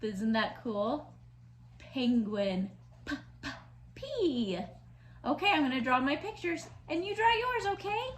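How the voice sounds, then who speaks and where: Woman, preschool teacher, high and unhurried, exaggerated phonics, slight room echo and faint hiss. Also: animated. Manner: slow, sing-song, exaggerated letter sounds. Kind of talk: online lesson for young children. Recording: echoey room with faint noise.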